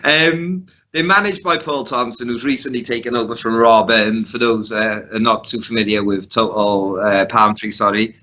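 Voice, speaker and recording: A man's voice: lowish voice, fairly even intonation, moderate pace, few pauses, bright, forceful tone, dull audio. A man co-hosting a casual chat, talking loosely and laughing often. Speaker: co-host.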